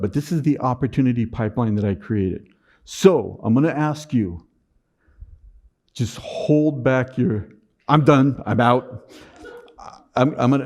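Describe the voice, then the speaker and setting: A man's voice: mid-range voice, dark tone. A man giving a motivational talk at a conference with a sarcastic, dry sense of humor, often repeating words as he starts a sentence. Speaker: conference speaker. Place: conference stage.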